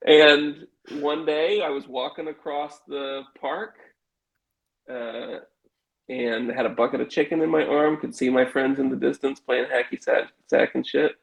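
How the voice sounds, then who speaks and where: A middle-aged man telling a wild personal story in casual conversation, animated and acting out the voices of the people in it. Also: mid-range voice, a little slow, vocal fry, poor audio. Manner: animated, swearing, acts out quoted voices. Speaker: guest telling a life story.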